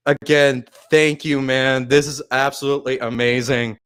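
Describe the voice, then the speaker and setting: A man's voice: mid-range voice, level tone, normal speed, fairly bright tone, clean tone. A man hosting a casual sports live stream, overwhelmed and near tears, laughing often and swearing as he thanks viewers. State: overwhelmed, shaky, close to tears.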